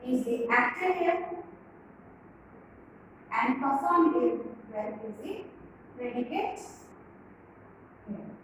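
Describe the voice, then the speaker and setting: High-voiced woman teaching slowly, echoey room. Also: animated, noisy background. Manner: slow, deliberate explaining with repeated examples and emphasis. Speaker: school English teacher. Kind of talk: classroom grammar lesson. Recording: echoey room with far-off mic and faint ambience.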